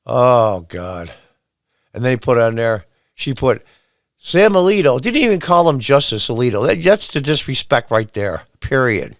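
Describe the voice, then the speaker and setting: A man's voice: medium pitch, sing-song, measured pace, fairly bright tone, no echo, studio quality. Blunt, sarcastic male commentary host. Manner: reads quotes aloud, then rants back at them. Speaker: podcast host. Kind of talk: opinion commentary monologue.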